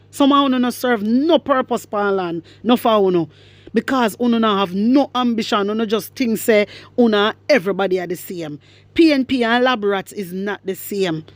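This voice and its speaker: A woman's voice: a little high, no echo. A Jamaican woman giving heated, mocking political commentary with frequent exclamations. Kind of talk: heated social media commentary.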